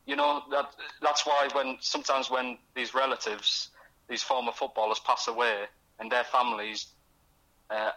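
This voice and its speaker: A young man is talking in a casual radio interview. His voice is bright and forceful, and his sentences halt and restart as he slips into the voices of the people in his stories. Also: medium pitch, rough recording. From North East England. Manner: halting, many restarts, acts out quoted voices. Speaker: guest author. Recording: radio studio.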